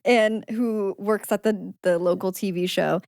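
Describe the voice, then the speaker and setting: A woman's voice: medium pitch, steady tone, measured pace, creaky, a little mellow, smooth, no echo. Young woman cohost going thru movie scenes, mid voice, dry close mic. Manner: chatty, plays out scenes with quoted lines. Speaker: podcast co-host. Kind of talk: casual movie recap chat.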